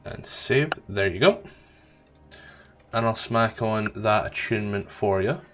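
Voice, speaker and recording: Man, game master, slow relaxed talk, casual, laughs a lot, faint background music. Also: fairly low pitch. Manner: relaxed, laughs often, talks while doing admin. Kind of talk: casual tabletop game chat.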